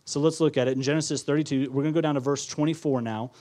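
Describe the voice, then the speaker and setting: This pastor's voice sits fairly high, mellow and steady in tone, though he races along as he preaches. Standing in church before his congregation, he delivers an earnest sermon, repeating key phrases and asking his listeners questions.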